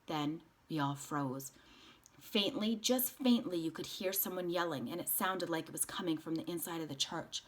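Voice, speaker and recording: A woman's voice: fairly low pitch, moderate pace. Woman reading a novel aloud.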